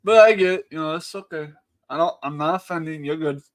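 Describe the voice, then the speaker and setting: This New England man with a Boston accent is a livestream guest in casual chat, laughing a lot and swearing freely as he tells stories. His voice sits on the high side, his pace is quick, and there's no echo.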